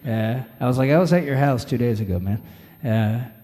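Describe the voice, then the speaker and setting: A young singer-songwriter chats between songs on a live venue stage, rambling easily through stories, packed with filler words and calling the crowd "man." His warm, medium-pitched voice runs a little fast. Picked up on a stage vocal mic, the sound is reverberant, with music and guitar behind him.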